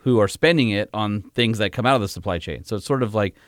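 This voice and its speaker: A man's voice: on the low side, fast talker, no room sound, clean studio sound. A man co-hosting a podcast, chatting in an easygoing, joking way with lots of fillers. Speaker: podcast co-host. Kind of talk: casual chat.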